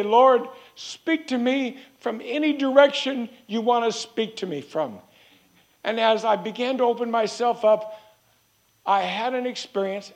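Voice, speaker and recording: A man preaching a sermon in an earnest way, repeating phrases and slowing down to stress key words. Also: high-pitched.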